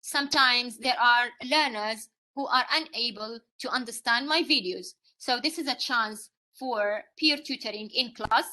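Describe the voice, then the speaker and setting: A woman's voice: fairly high pitch, measured pace, few pauses, pushed and bright. A woman with a Saudi Arabian accent, an English teacher whose first language is Arabic, giving a live training talk to other teachers, explaining through questions, fillers and frequent "okay?" checks.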